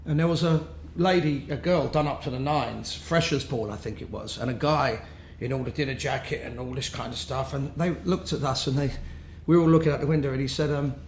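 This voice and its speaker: A man's voice: mid-range voice, a little fast. A man telling rambling, laughing stories with many restarts. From London. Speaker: musician, interview guest. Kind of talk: casual anecdotal storytelling. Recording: roomy with faint background noise.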